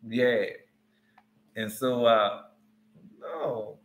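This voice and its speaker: A man's voice: mid-range voice, flat delivery, drawn-out words, a bit bright. A man giving an informal Bible teaching in a conversational, rambling way with frequent asides. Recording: roomy echo.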